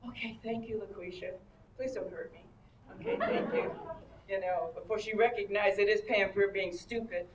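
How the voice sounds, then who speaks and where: A woman's voice: medium pitch, fairly even intonation, a little fast. An older woman at a convention panel, telling bawdy anecdotes with big laughs and acted-out voices. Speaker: panel guest. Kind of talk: animated storytelling with acted-out voices. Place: convention panel room with audience. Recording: roomy convention hall, distant, crowd noise.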